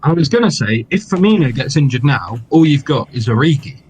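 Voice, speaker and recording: A man's voice: mid-range voice, sing-song, fairly quick, darkish tone, a little hiss or hum. A young man making brief, hesitant remarks in a casual football chat over a video call. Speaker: football podcast co-host.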